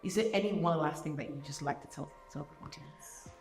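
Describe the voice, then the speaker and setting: A woman with a notably low voice hosts a conversation, encouraging her guest and talking with fillers and restarts. The room is echoey, with faint music in the background. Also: fairly quick. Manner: affirming, many fillers and restarts. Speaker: interviewer and event host. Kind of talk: warm conversational interview.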